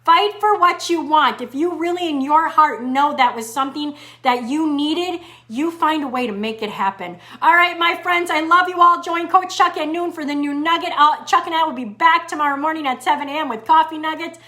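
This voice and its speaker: A middle-aged woman hosting a live motivational talk as a fitness coach, reading viewer comments and repeating key lines slowly for emphasis. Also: high-pitched, pushed and bright. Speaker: fitness coach and show host.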